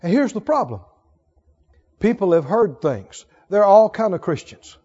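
A man's voice: high-pitched, sing-song, normal speed, warm tone, breathy edge. A man preaching a sermon as pastor, calling on the congregation for responses and building to emphatic exhortation. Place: church sanctuary. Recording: dull sound with long hall reverb.

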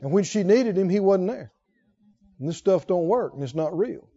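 A man preaching a sermon, telling a personal story that swings between hushed asides and emphatic points. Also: sits high, lively intonation, normal speed. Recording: dull lo-fi sound.

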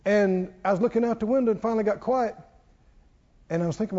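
A man's voice: high-pitched, fast, dark tone, dull audio. A male pastor preaching a sermon, telling his story with animation and leading the congregation in call-and-response prayer.

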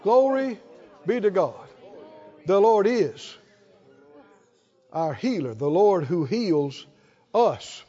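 A man's voice: sits high, very animated, takes it slowly, long pauses, warm tone, in a large hall, lo-fi sound. A man preaching a sermon, often asking the congregation to respond. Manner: rhetorical, asks the congregation to respond.

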